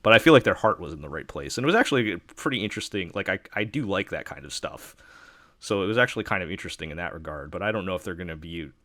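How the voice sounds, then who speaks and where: Low-voiced guy from new york, rambly podcast chat, dry close mic. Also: animated, rapid-fire, pushed and bright, dry recording. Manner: rambling, many fillers and restarts. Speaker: podcast host. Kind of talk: casual chat.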